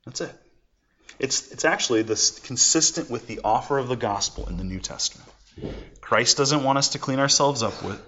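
A man's voice: medium pitch, fairly quick, pushed and bright, highs cut off. Conversational pastor in his forties. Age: 40s. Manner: conversational, folksy asides. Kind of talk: sermon.

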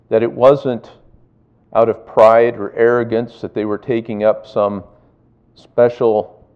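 A man preaching a sermon as pastor, building emphasis and slowing for weight. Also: on the low side, muffled recording. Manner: preaching with rising emphasis and drawn-out pauses.

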